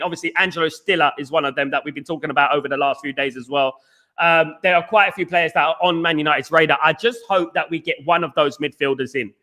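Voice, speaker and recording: A middle-aged man with a Cockney accent hosts a live football chat, his voice high and bright with a sharp edge. He rambles, repeats himself, and breaks off to read out viewer comments. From East London, England. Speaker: podcast host. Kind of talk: casual live-stream chat.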